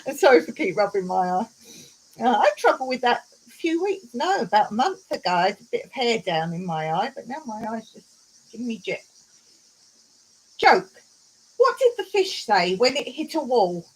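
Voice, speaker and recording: A woman's voice: fairly high pitch, sing-song, normal speed, breathy edge, poor audio. A woman hosting a casual live stream from home, telling jokes and reading viewer comments aloud with frequent giggles.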